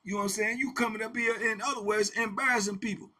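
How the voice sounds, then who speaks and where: An animated man telling a story, his voice high, bright and husky. He talks casually in slang and repeats his lines for emphasis. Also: quick pace. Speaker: host and storyteller.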